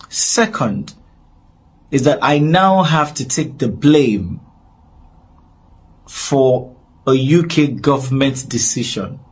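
A man's voice: mid-range voice, darkish tone, slightly rough. A man from Nigeria speaking straight to camera in an earnest, pleading apology, repeating himself often. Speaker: public figure addressing his audience. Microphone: camera-facing recording.

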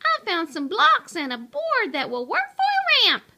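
Woman reading as a plucky little female hamster, squeaky high, excited, eager, bright storybook voice. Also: slow pace, vocal fry, heavily acted.

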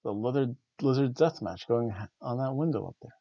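A man's voice: mid-range voice, expressive, a little fast, dry recording, highs cut off. A man hosting a wrestling review show, rambling in casual chat with wry, jokey asides. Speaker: wrestling review podcast host.

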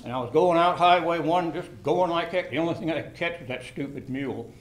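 An older man telling a personal anecdote in an animated way, laughing and shouting at the exciting moments. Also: fairly high pitch, fairly quick. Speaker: storyteller.

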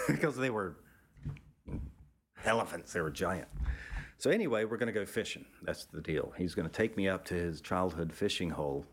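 A man's voice: animated, normal speed, long pauses, slight background noise. A man, a photographer, telling a casual, rambling story with frequent restarts and the odd swear word. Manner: acts out other people's lines in a raised pitch.

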